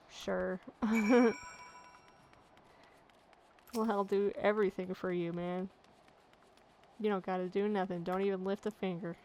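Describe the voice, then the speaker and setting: Joking woman gamer with a gravelly voice. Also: mid-range voice, fairly even intonation, a little slow, long pauses, a little mellow, poor audio. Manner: joking, chatty asides. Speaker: let's play gamer. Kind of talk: casual gameplay commentary.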